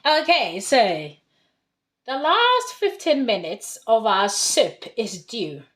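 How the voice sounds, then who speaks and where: A woman's voice: a little high, huge pitch swings, slow, a bit bright. A woman from Ghana giving a casual cooking demonstration in her home kitchen, chatting through each step as she works. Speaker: home cook.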